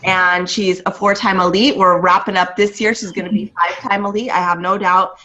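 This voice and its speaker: A woman's voice: mid-range voice, fairly even intonation, fairly quick, sharp tone, muffled recording. Enthusiastic woman hosting a video call. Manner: enthusiastic, reads off achievements with restarts. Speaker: host introducing a guest speaker. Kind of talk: motivational call introduction.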